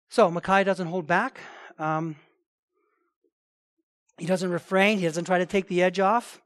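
A male pastor delivering a sermon with a high-pitched voice. He presses his points hard, doubling back on words and restarting phrases as he builds emphasis. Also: fairly even intonation, measured pace, pauses often, a bit bright. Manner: emphatic, repetitive, with frequent restarts.

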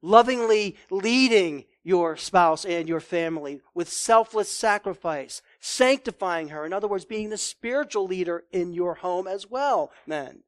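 High-voiced man preaching with dry sound. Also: animated, unhurried, hardly any pauses, no room sound. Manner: earnest preaching, emphatic on key words. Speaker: pastor. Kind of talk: sermon.

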